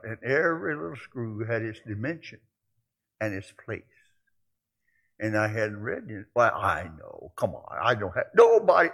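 An older man preaching a sermon, telling folksy stories and moving between quiet musing and loud exclaiming. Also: mid-range voice, husky. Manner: folksy storytelling.

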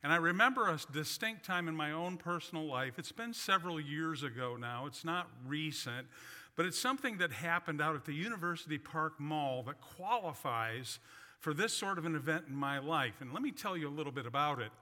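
A man's voice: a little high, expressive, fairly quick, pushed and bright. A man preaching a sermon, telling a personal story with folksy, self-deprecating humor. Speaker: pastor. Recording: long reverb of a large hall.

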